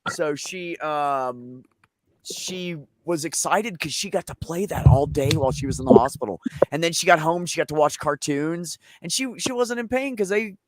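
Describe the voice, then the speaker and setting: A man's voice: on the high side, moderate pace, slight background noise. A man hosting a casual chat show, telling long rambling family stories with plenty of swearing. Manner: profane, rambling anecdotes. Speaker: show host.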